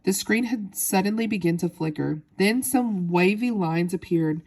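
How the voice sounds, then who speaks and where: A woman reading a children's novel aloud as narrator, in steady storytelling with small slips. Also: medium pitch, normal speed. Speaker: audiobook narrator.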